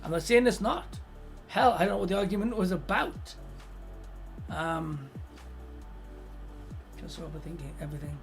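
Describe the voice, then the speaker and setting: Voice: mid-range voice, moderate pace, pauses often, faint music behind. A streamer giving relationship advice in casual live-stream chat, blunt and swearing constantly, acting out the people in the stories. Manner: animated, acts out quoted voices.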